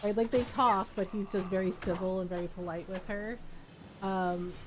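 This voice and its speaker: A woman's voice: mid-range voice, steady tone, moderate pace, background noise. A woman streamer chatting casually and affectionately while playing a game, laughing often.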